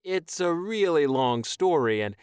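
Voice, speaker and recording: A man's voice: fairly high pitch, lively intonation, a little slow, a little mellow, clear, resonant tone, dry recording, studio quality, pitched above the performer's own voice. A man voicing a nervous, eager young man. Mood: flustered. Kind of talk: audiobook character voice.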